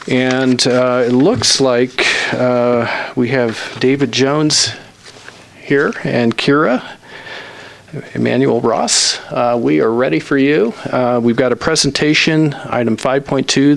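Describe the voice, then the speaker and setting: A man acting as mayor, chairing a town council meeting in a halting way with many fillers. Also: medium pitch, creaky. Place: council chamber.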